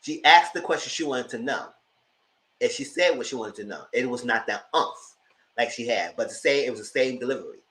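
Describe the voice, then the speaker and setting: A man hosting a live TV review, giving sassy, animated commentary straight to his viewers. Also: mid-range voice, fairly quick, poor audio. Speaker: TV review host.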